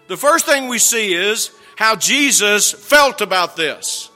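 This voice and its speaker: A male pastor preaching an earnest sermon with slow, emphatic phrasing that drops low at the ends of lines. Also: expressive, bright, forceful tone, in a large hall, faint music behind.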